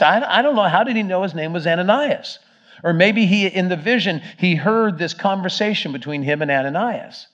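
A man preaching a sermon, telling the story with energy and swinging between loud emphasis and hushed moments. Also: high-pitched, expressive, normal speed. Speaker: pastor. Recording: dull, muffled sermon recording.

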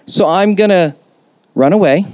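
A man's voice: high-pitched, measured pace, a little mellow, dry recording. A man voicing an angry, resentful prophet with bitter, defiant pleading.

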